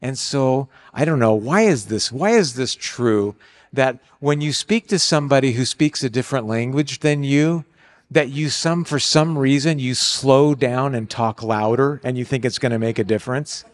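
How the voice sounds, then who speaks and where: An older man preaching on marriage, animated, acting out quoted lines with bursts of loud exclamation. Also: medium pitch, moderate pace. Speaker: speaker on marriage. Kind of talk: sermon. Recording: long hall reverb.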